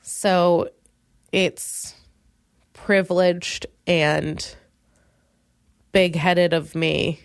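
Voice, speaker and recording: A woman's voice: vocal fry, no echo, studio quality. A woman in her twenties from Minnesota, hosting a comedy podcast and rambling in a self-deprecating way. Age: 20s. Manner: rambling and self-deprecating, swings from low mumbles to loud bursts. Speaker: podcast host. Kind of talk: comedic solo podcast monologue.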